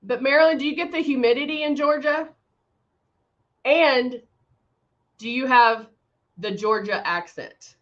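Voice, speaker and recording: A woman's voice: high voice, measured pace, long pauses, lo-fi sound. Chatty woman hosting a live stream. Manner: chatty, rambling, reads out viewer comments; laughs often, many fillers. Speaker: makeup brand host. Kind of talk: casual live-stream chat.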